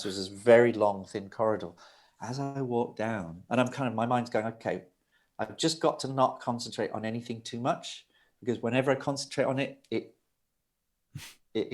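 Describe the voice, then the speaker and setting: A middle-aged man tells a long story as an interview guest, rambling and vivid. He breaks into acted-out quotes as he goes, and his voice sits at an ordinary pitch for a man. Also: a little mellow. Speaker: guest, record producer. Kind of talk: animated anecdote in a sit-down interview.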